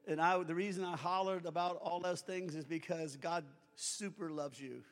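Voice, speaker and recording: A pastor delivering a sermon and leading the congregation line by line in a prayer, moving between loud exhortation and quiet pleading. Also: male voice, a little high, steady tone, normal speed, in a large hall. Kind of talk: sermon with altar-call prayer.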